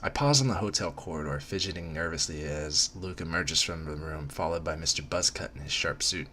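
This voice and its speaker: A man's voice: a bass voice, fairly quick, bright, forceful tone, a little hiss or hum. A man reading a parody romance story aloud, casual and self-mocking, with comic asides.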